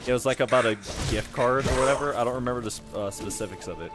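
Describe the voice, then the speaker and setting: A man's voice: medium pitch, racing. A young man rambling casually while he plays a game and answers chat, chuckling often. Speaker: gaming streamer. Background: game music.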